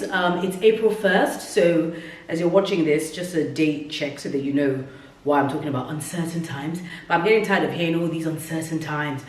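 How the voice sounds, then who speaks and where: A woman's voice: sits low, expressive, moderate pace, far from the mic. A woman chatting to camera as a vlogger, rambling and thinking aloud, tired and breathing heavily. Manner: rambling, self-reflective, chatty. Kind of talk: casual chat to camera. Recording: roomy echo, mic set back.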